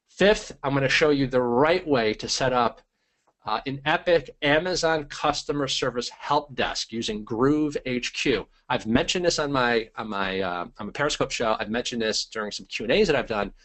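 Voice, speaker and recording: A man hosting a live online training webinar, energetic and hyped-up, greeting viewers by name and talking with lots of fillers. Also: medium pitch. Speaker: webinar host.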